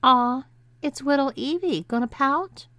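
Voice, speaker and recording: Narrator doing a bossy taunting wife, smooth slow voice, dry. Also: female voice, mid-range voice, expressive, fairly bright tone, no room sound. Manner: taunting, commanding. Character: bossy adult woman, a commanding wife.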